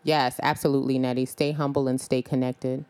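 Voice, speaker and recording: A woman with a notably low voice co-hosts a faith-based podcast chat. She talks in an unhurried way, pausing on "um" and using tender terms like honey and babe. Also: level tone, a little mellow. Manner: unhurried, full of "um" pauses, calls people honey and babe. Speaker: podcast co-host.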